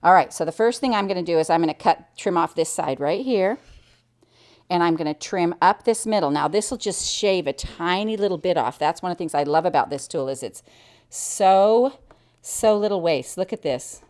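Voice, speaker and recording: A middle-aged American woman walks through a quilting project step by step. She chats cheerfully as she works, and her voice sits a little low. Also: animated, moderate pace, darkish tone. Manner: chatty, cheerful step-by-step explaining. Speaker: quilting teacher. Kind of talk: hands-on sewing tutorial.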